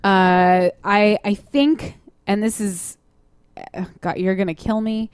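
A young woman co-hosting a podcast in a casual, chatty way. She tells stories with animated, acted-out voices. The sound is dry and close. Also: medium pitch, takes it slowly, smooth, no echo. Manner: animated storyteller, acts out voices in anecdotes. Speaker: podcast co-host. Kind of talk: casual chat.

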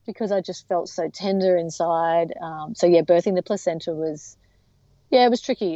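A woman's voice: lowish voice, normal speed, dark tone, no echo. A woman, telling her story as an interview guest in a chatty way full of fillers and restarts. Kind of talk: casual storytelling. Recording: dull lo-fi sound.

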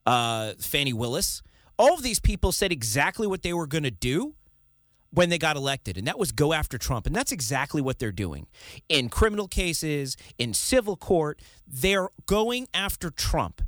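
A man hosting a political talk show, opinionated and animated, often laughing and mimicking the people he criticizes. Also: on the high side, moderate pace, no echo, studio quality.

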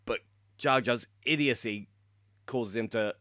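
A man's voice: mid-range voice, a little slow, pushed and bright, no room sound, studio quality. A man co-hosting a podcast, explaining lore in casual chat and laughing often. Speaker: podcast co-host.

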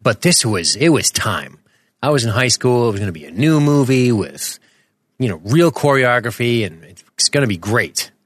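A man's voice: mid-range voice, sing-song, normal speed, no room sound. A man in his forties co-hosting a podcast, rambling and joking with casual swearing. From United States. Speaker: podcast co-host. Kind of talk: casual chat. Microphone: studio microphone.

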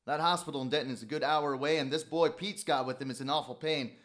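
A gruff country veterinarian who grumbles in a drawl, voiced by a man. His voice runs a little high and often loud. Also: fast talker, natural voice. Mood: urgent. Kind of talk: radio drama acting.

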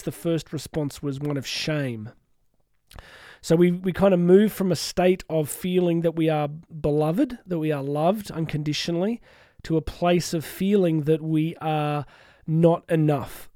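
Earnest man with a mellow voice. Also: on the high side, dry recording, clean studio sound. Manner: earnest, reflective, with frequent restarts and asides. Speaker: podcast host and coach. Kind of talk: solo podcast monologue.

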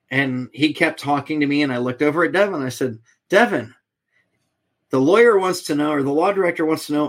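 A middle-aged man tells a story as a podcast guest, in a voice that sits a little high for a man. He acts out each side of the conversation, changing his voice for each speaker. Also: fast talker. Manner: animated storyteller, acts out quoted exchanges.

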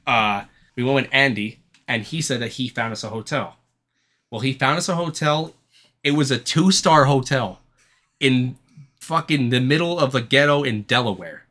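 A podcast co-host in a casual chat tells a rambling, profanity-laced story, acting out the people he quotes. He has a medium-pitched, fairly bright voice and speaks at a moderate pace.

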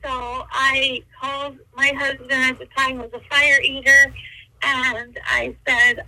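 A woman in her sixties telling stories as an interview guest by phone, animated and quick to slip into voices. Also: high voice, vocal fry, dry recording, low-quality recording. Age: 60s. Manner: animated, slips into voices and quotes. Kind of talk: interview storytelling.

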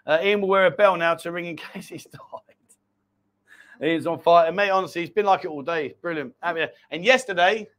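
Chatty, high-voiced host. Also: male voice, fairly quick. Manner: chatty, rambling, animated storytelling. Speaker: livestream host. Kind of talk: casual live chat.

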